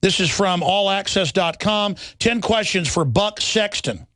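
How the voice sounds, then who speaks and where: A man's voice: sits high, lively intonation, measured pace, fairly bright tone, dry recording. A middle-aged man hosting a talk radio show, reading headlines and ranting in a heated, rambling way, often repeating himself. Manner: heated, rambling, repeats words when agitated.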